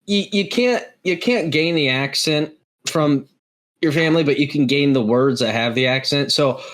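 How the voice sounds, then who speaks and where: A man's voice: fairly high pitch, normal speed, fairly bright tone. Rambling young man in casual chat. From Texas. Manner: rambling, self-correcting. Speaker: podcast co-host.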